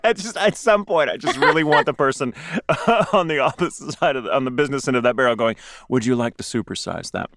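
A man's voice: on the high side, animated, fast, a crowd in the background. A man co-hosting a podcast, reading weird news stories aloud in casual chat, laughing often and acting out silly skits. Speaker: podcast co-host.

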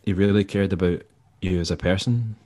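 A Scottish man, a musician and tour manager, telling stories in a relaxed, rambling way and acting out the people he quotes. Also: low voice, fairly quick. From Scotland. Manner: rambling, laid-back, acts out quoted dialogue. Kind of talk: casual storytelling interview.

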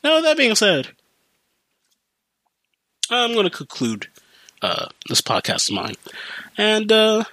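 A man's voice: sits high, huge pitch swings, takes it slowly, pauses often, sharp tone, dry recording. A young man hosting his own podcast, ranting profanely in a casual solo monologue and mimicking other people's voices. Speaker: podcast host.

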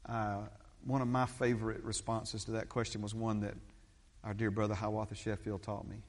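A middle-aged pastor delivering an emphatic sermon, his voice swinging from hushed to loud. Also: level tone, normal speed. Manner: emphatic preaching with big swings in pitch and loudness. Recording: long church reverb.

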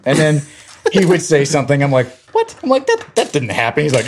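A man's voice: fairly high pitch, fairly quick, a little hiss or hum. A man in his thirties from Georgia in the US, telling family stories in a casual chat and acting out the voices of the people in them. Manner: animated retelling, acts out quoted voices.

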